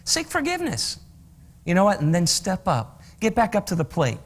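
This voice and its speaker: A man's voice: sits high, animated, fairly quick. Earnest man giving encouraging advice. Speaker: co-host, counselor. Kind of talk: advice-giving talk show chat.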